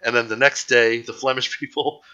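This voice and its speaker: A man's voice: medium pitch, flat delivery, normal speed, sharp tone, highs cut off. A man hosting a live online show in casual chat, rambling and joking at his own expense. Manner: rambling, jokey, self-mocking. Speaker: livestream show host.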